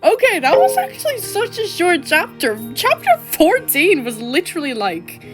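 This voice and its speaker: A woman's voice: extremely high pitch, huge pitch swings, moderate pace, soft background music. A young woman reacting with exasperated emotion to a story game, laughing often. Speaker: game streamer.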